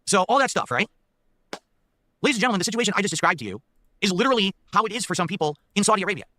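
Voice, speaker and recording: A man's voice: sits high, expressive, very fast, bright, forceful tone, slight background noise. A man ranting to his viewers, building an emphatic hypothetical and checking in with them. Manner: emphatic, keeps checking in with the audience. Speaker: online streamer.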